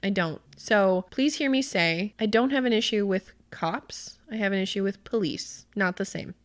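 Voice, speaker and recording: A woman's voice: mid-range voice, moderate pace. A woman hosting a podcast in casual discussion, talking earnestly and passionately, with frequent swearing. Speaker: podcast host.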